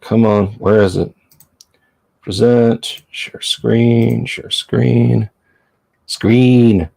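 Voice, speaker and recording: A man's voice: medium pitch, steady tone, extremely slow, vocal fry, darkish tone, dry recording. A man hosting a livestream, chatting casually and jokingly with his viewers and rambling between points. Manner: chatty, rambling, jokey, answers chat. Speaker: livestream host.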